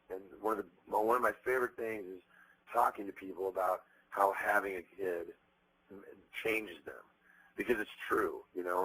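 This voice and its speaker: A man in his thirties being interviewed, telling stories bluntly with plenty of profanity and animated energy. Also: fairly low pitch, poor audio. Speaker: interviewed musician. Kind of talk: candid interview talk.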